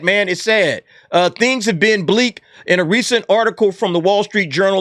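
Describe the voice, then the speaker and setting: A man's voice: extremely high pitch, bright, forceful tone, dry recording, studio quality. A man hosting a commentary channel, talking in a brash, mocking and profane way, laughing at the people he talks about. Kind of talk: casual commentary monologue.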